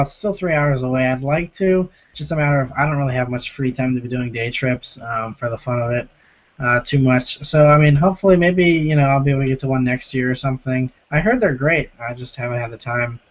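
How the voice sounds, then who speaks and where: A hoarse young man with a sore, rough throat hosting a casual live-stream Q&A from home, chatting as he reads out and answers viewer comments. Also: medium pitch, quick pace. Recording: lo-fi stream audio.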